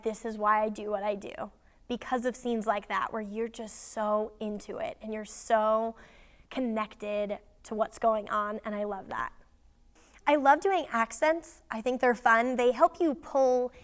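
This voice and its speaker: A woman's voice: on the high side, clear, resonant tone. A young adult woman speaking in a casual interview about her acting career, bubbly and enthusiastic. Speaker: actress interviewee.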